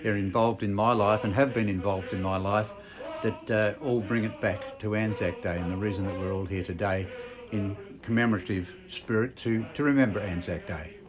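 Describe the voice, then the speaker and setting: With a voice on the low side and a steady tone at moderate pace, an older Australian entertainer gives a memorial tribute. He shares family stories in a blunt, salty, reflective manner with frequent hesitations, while a crowd murmurs in the rough recording.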